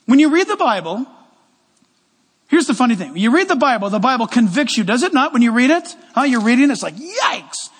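A man's voice: very high-pitched, big pitch swings, fast, breathy edge, in a large hall. A man preaching a sermon to his church, exhorting the congregation and acting out the voices of people he quotes. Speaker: pastor.

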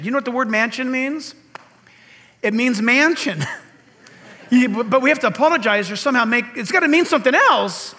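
An older pastor's sermon leans on earnest rhetorical questions, delivered in a high, reedy voice that has been compared to a cartoon frog. His voice sounds pushed and bright.

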